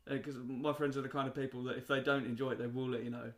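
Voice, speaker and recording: A man hosts a casual comedy podcast in an ordinary mid-pitched voice. His delivery is dry and deadpan, and he hesitates often with ums. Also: fast. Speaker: podcast host. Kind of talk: casual chat.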